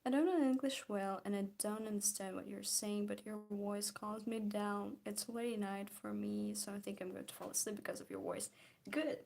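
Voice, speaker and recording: A vlogger from Belarus, whose first language is Belarusian or Russian, chats casually as she draws and answers live chat, often restarting sentences. Her Belarusian-accented voice is mid-range, creaky and a little mellow, fairly even in intonation, at normal speed with hardly any pauses.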